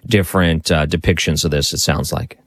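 Low-voiced guy asking the guest questions, dry mic. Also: fairly even intonation, a little fast, dry recording. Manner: curious, asks follow-up questions. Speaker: host. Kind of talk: interview questions.

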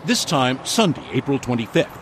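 A man's voice: medium pitch, sing-song, brisk, background noise. A male correspondent delivering scripted, dramatic true-crime narration.

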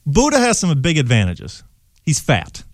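A man in his thirties, a comedian guest delivering a deadpan comic bit on a radio show. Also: on the high side, moderate pace, no echo, studio quality. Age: 30s. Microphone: studio microphone.

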